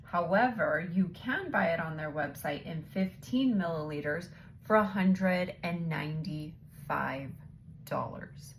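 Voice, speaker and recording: Slow, chatty woman unboxing products. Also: on the low side, slight background noise. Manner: chatty, thinks aloud, drops into whispers. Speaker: unboxing vlogger.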